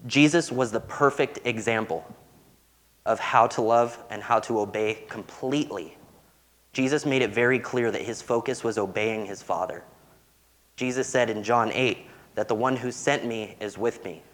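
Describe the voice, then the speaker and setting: A young man preaching a sermon, earnest and warm-humored as he tells stories. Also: fairly low pitch, moderate pace.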